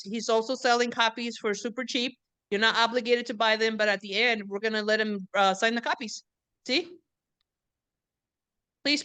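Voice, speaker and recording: A joking, talkative woman hosts a book talk for students. Her voice is bright and crisp, close and dry with no room echo. She drops into Spanish now and then as she chats. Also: fairly high pitch. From US-Mexico border region. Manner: chatty, joking, mixes in Spanish. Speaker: event host and professor. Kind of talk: casual chat hosting a book event. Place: classroom or event room.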